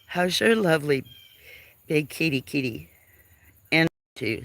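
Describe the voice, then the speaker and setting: A man's voice: a little high, unhurried, long pauses, a bit bright. A man hosting a casual outdoor farm livestream, sniffling a little and rambling as he greets viewers from chat by name, now and then dropping to a whisper. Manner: rambling, friendly, reading chat names aloud, sometimes whispering. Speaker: livestream host. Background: birds.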